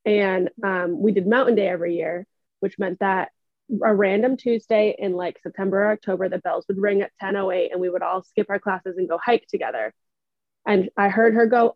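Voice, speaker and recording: A woman's voice: medium pitch, fairly even intonation, fairly quick, dry recording. A young woman with a New Hampshire accent chats and tells stories on a podcast, laughing easily. Her voice comes through somewhat muffled and close, with no room sound. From New England. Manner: chatty storyteller, laughs often. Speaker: podcast co-host. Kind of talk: casual chat.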